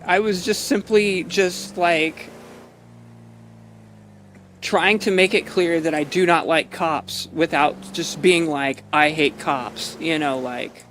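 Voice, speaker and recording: A man with a fairly high-pitched voice chats to his stream while driving in a role-play game, rambling and swearing as he laughs things off. A quiet hum of game engine noise runs beneath him. His talk is loose, casual and unscripted. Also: measured pace. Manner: rambling, profane, laughs often. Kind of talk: out-of-character gameplay commentary.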